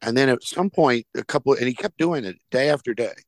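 Animated man telling comedy stories. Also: medium pitch, a little fast, no room sound. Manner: animated anecdote telling, acts out quoted characters. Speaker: podcast host. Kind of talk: casual chat, storytelling.

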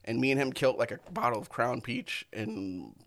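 A young man from the hosting a casual comedy podcast, loose and profane, rambling with sudden jumps in pitch. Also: very animated, moderate pace, a bit bright.

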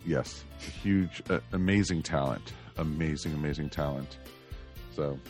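A man's voice: rumbling low, a little slow, a little mellow, faint music behind. An American man hosting a podcast, talking casually and rambling with many fillers. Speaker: podcast host.

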